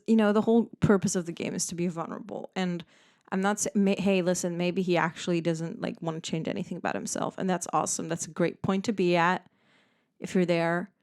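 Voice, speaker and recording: A woman's voice: on the low side, darkish tone. A young woman from the Netherlands hosting a solo podcast, chatting casually and rambling with lots of "like" and frequent laughter. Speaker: podcast host.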